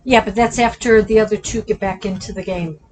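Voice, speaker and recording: A woman co-hosting a casual movie chat, direct and quick to push back on her partner. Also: mid-range voice, fairly even intonation, slight background noise, poor audio. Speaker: co-host.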